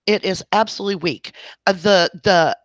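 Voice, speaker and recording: A woman hosts a livestream and rants to her viewers in an exasperated, mid-pitched voice. She is close to a desk mic in a dry, dead-sounding room with no echo. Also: moderate pace. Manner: exasperated, ranting, addresses viewers directly. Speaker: livestream host. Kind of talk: ranting livestream commentary.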